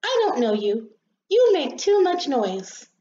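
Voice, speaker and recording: A woman voicing a fussy little rosebud flower girl who wants to be left alone, speaking in a high, insistent, peevish way. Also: very animated, unhurried, a little mellow, roomy sound. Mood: annoyed. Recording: slightly dull lo-fi recording.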